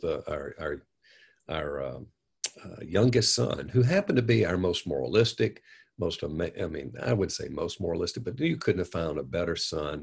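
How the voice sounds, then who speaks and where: Older male pastor, low gravelly voice, unpolished and earnest, telling personal stories. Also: darkish tone. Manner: earnest, folksy, many fillers and restarts. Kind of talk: conversational storytelling.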